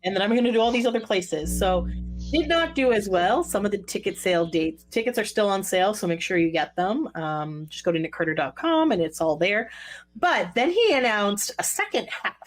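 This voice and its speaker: A woman's voice: mid-range voice, sing-song, moderate pace, soft background music. Chatty woman co-host. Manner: chatty, explains asides to listeners. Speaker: podcast co-host. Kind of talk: casual chat.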